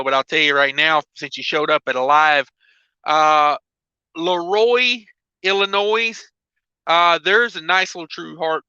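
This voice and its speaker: Man, trucker livestream host, high voice, smooth and bright, dull dry lo-fi sound. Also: no echo. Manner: rambling, filler-heavy, laid-back. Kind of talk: casual livestream chat.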